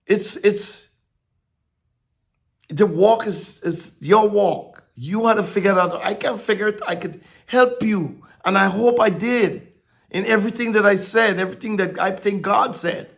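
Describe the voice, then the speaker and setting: A man preaching a sermon, halting and repeating words, swinging from soft reflection to emphatic declarations. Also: sits high, vocal fry.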